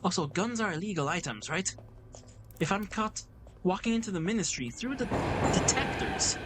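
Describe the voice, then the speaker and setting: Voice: mid-range voice, animated, fairly quick, a bit bright. A gaming YouTuber giving let's-play commentary, reacting casually and thinking aloud while playing.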